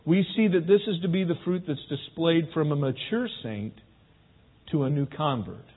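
Male preacher, somewhat high voice, conversational sermon, thin phone-like audio with a long church echo. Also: expressive, normal speed. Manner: conversational preaching, rhetorical questions to the congregation. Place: church sanctuary. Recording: phone-like, with long hall reverb.

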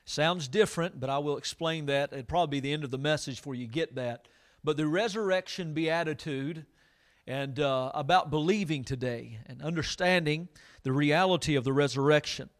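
At a church service, a pastor with a fairly high voice preaches a fervent, emphatic sermon and calls on the congregation for amens. When he reads scripture, he slows down and gives each word deliberate weight.

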